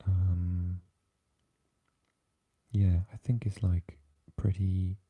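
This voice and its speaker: A man's voice: low-pitched, level tone, drawn-out words, breathy edge, highs cut off. A man from Wales with a South Welsh accent, hosting a casual live stream and chatting in a rambling, hesitant way with lots of fillers. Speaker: ASMR channel host.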